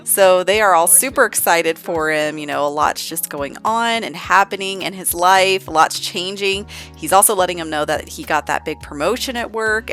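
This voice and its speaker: A woman's voice: sits low, fairly bright tone. A young woman giving chatty, bubbly commentary as she plays a life-sim game. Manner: chatty, bubbly, filler-heavy. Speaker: game let's-play host. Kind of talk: casual gameplay commentary.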